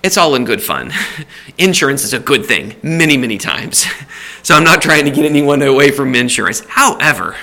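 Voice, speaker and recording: Lively, bright-voiced male preacher. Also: mid-range voice, normal speed. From United States. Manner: lively, rising for emphasis, repeats phrases; conversational with restarts and light laughs. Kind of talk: sermon.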